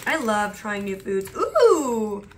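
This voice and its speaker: A woman's voice: medium pitch, very animated, takes it slowly, noisy background. A young adult woman vlogger chatting casually while taste-testing snacks, talking in a loose, rambling way full of "like". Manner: chatty, leans on "like" as filler.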